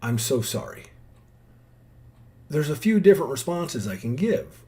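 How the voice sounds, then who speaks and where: A middle-aged man hosting his own podcast, musing out loud in a heartfelt, wandering way. He circles back, restarts his sentences and drops in fillers as he thinks. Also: mid-range voice, fairly quick. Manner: rambling, reflective, with many restarts and fillers; earnest and heartfelt. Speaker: podcast host. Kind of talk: personal monologue.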